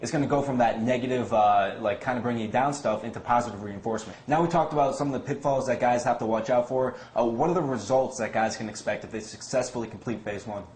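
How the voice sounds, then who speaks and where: A man's voice: mid-range voice, fast talker, few pauses, a little mellow. A man co-hosting a casual interview chat, asking questions with many fillers and laughing easily. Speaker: co-host. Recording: echoey room with faint background noise.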